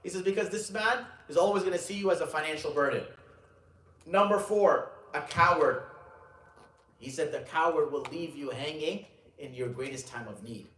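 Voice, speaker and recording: This Islamic scholar has a fairly high, fairly bright voice and lectures a gathering on religious topics. His anecdote comes out conversational, with frequent restarts and "you know," but he slows and stresses his words when explaining sayings. The mic is distant, with a roomy sound and faint ambience.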